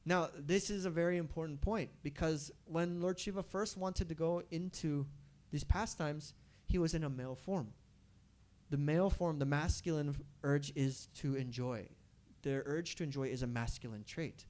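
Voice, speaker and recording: At a temple gathering, a man tells a devotional story to a live audience, animated and putting questions to the listeners. His voice runs on the high side at a normal speed.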